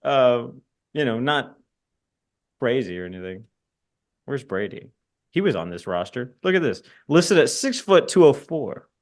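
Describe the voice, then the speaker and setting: Rambling, profane podcast host. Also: male voice, medium pitch, big pitch swings, measured pace, long pauses. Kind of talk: casual sports podcast chat. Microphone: podcast microphone.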